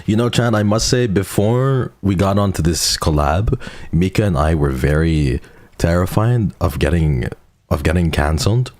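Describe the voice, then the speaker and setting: A man's voice: sits low, animated, moderate pace, a little mellow, dry recording. A man hosting a live stream, chatting casually with a guest, joking and swearing often. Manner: joking, profane, laughs often. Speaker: streamer host.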